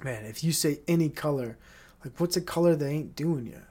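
In this casual solo podcast monologue, the host, a man in his thirties, wanders off on tangents, swears freely and leans on fillers. He talks briskly in a warm, slightly rough voice that sits on the high side.

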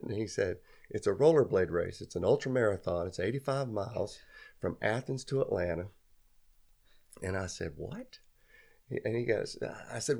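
Gravelly low-voiced man telling a story. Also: lively intonation, normal speed, darkish tone. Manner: rambling, self-deprecating, laughs often. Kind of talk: casual storytelling chat.

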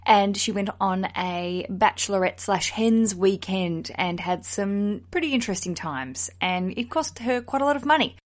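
A woman, hosting a casual solo podcast in a chatty, animated, self-mocking way. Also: medium pitch, moderate pace, hardly any pauses. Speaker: podcast host.

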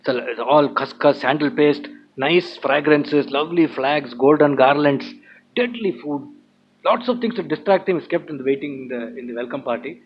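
A man with a fairly high voice speaks at normal speed while retelling an old tale in a chatty, laughing manner full of asides. This casual storytelling was recorded in dull lo-fi, with faint ambience and slight background noise.

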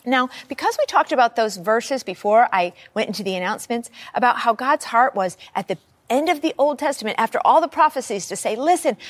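A woman preaching a sermon, reading scripture and talking it through in a conversational, animated teaching manner. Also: fairly high pitch.

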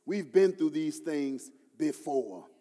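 A man preaching a sermon as pastor. He swings from hushed, low-voiced prayer quotes to loud, half-sung emphasis. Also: lively intonation, slow pace, in a large hall. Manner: preaching with rising, shouted emphasis and sung phrases; often drops to a low, hushed voice when quoting prayers.

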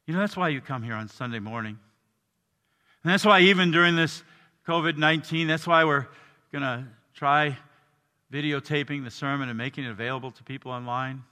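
An older man preaching a sermon as pastor, earnest, dropping soft and low and then rising to emphatic lines. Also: brisk, clear, resonant tone, in a large hall. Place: church.

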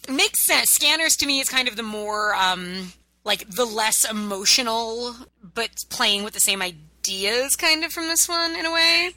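A woman's voice: on the high side, measured pace, pushed and bright, slight background noise, poor audio. A woman hosting a podcast, chatting in an upbeat, jokey way. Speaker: podcast hostess. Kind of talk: casual chat.

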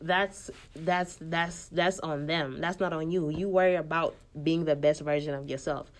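Young kenyan woman podcasting, kinda low voice, chatty and candid, hops between swahili and english. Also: fairly even intonation, measured pace. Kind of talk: casual monologue.

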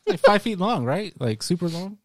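Teasing young man, lively pitch. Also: moderate pace, no echo, studio quality. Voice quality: joking, teasing, swears casually. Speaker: stream co-host. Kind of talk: casual chat.

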